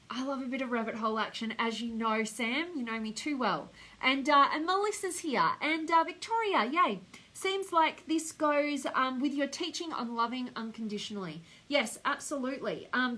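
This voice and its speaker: A middle-aged woman with an Australian accent, hosting a live stream and gushing warmly as she reads out viewer comments. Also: fairly high pitch. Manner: effusive, gushing with affection. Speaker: host.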